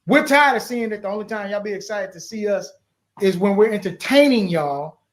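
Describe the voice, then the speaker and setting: High voiced guy ranting blunt and indignant, opinion monologue. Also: animated, a little fast. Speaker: social commentator.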